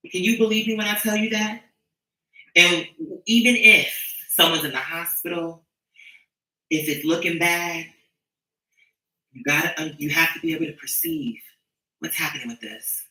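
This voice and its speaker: Recorded far from the mic in an echoey room, this woman streamer delivers a fervent, foul-mouthed, preachy rant to her followers. She speaks in a lowish, bright, forceful voice at a measured pace, leaving long pauses.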